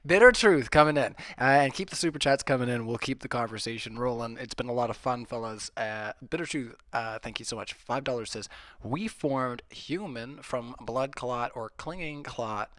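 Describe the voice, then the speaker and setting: A man moderating a live-streamed debate, easygoing and joking as he reads viewer questions aloud. His voice sits in a middle pitch. It sounds dry and close to the mic. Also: a little fast, few pauses, a bit bright, no echo.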